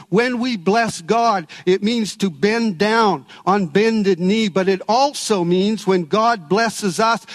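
A male pastor with a high, light voice delivers a sermon at an unhurried pace. He tells stories and leans on key words with deliberate pauses. His voice rings out with a long reverb, as if recorded in a large sanctuary. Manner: preaching with storytelling and emphatic pauses.

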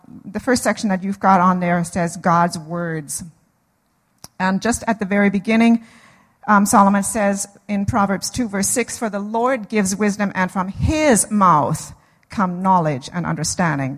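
A woman leads a Bible teaching in a church hall, her mid-pitched voice trailing a long hall reverb. She speaks earnestly but conversationally and often restarts her phrases as she explains.

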